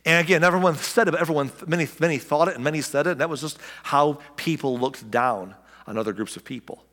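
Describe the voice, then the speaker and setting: A man preaching a sermon, his voice sitting a little high for a man. He talks in a plain, conversational way, asks rhetorical questions and turns straight to the listeners. The sound trails off in a long reverb, as in a large hall. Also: fast talker, a bit bright. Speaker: pastor.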